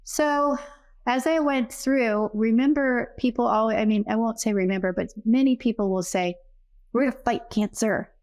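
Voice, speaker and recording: Speaking at normal speed with a fairly high, darkish voice, a middle-aged woman who works as a psychic medium shares her story as a podcast guest. In this casual interview she's earnest and acts out the dialogue she remembers.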